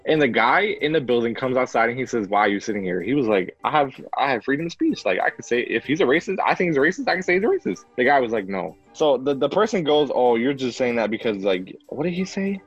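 Fast-talking husky young man. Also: mid-range voice, highs cut off, faint music behind. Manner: animated retelling, slangy. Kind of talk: casual chat.

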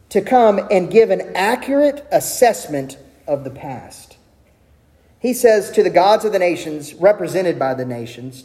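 A man, preaching a sermon, animated, raising his voice when he quotes God. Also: big-room sound. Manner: animated preaching, voicing God's lines with a raised pitch.

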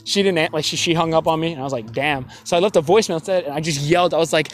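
A man's voice: on the high side, racing, few pauses. Rambling young man telling a story. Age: young adult. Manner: rambling and chatty, many fillers and self-corrections, laughs often. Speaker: college student telling a story. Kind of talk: casual anecdotal storytelling.

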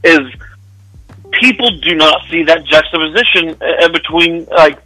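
A man with a bright, somewhat high voice makes his point bluntly and emphatically, swearing as he goes. The sound is dry and close, with faint music behind him. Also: measured pace, dry recording, poor audio. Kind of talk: casual chat.

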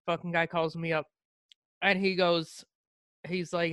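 A man's voice: fairly high pitch, little pitch movement, measured pace, pauses often, a bit bright, smooth, dry recording, studio quality. A young man in casual chat, swearing heavily and acting out both sides of conversations as he tells a story.

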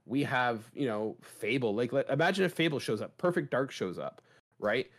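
A man's voice: mid-range voice, lively intonation, moderate pace, a bit bright. A man co-hosting a gaming podcast, talking in an emphatic way and asking rhetorical questions. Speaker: podcast co-host. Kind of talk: casual chat.

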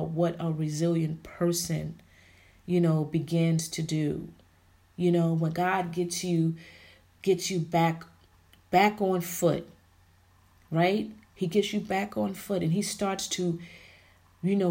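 A woman's voice: fairly low pitch, creaky, a little mellow. A woman hosting a podcast, giving motivational faith talk to women, preachy and repeating her phrases for emphasis. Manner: preachy, repeats phrases, calls listeners honey and ladies. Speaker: podcast host.

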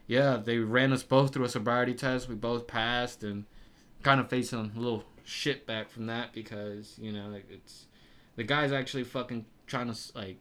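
Profane, animated young man telling a story. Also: mid-range voice. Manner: profane, animated, laughs often. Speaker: podcast guest. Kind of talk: casual storytelling chat.

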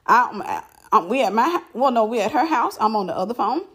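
A woman telling a personal story in casual chat, animated and repeating herself for emphasis. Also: on the high side, fairly quick, slightly rough.

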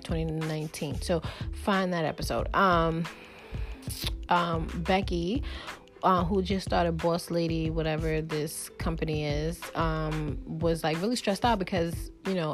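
Woman vlogger, casual motivational rant, emphatic and preachy, faint music bed. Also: on the low side. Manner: emphatic, preachy, conversational with many fillers. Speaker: vlogger giving life advice. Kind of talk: casual motivational talk to camera.

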